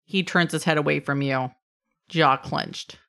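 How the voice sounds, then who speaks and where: A woman narrating as game master of a tabletop game, brisk and quick to laugh. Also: sits low, steady tone, creaky, fairly bright tone.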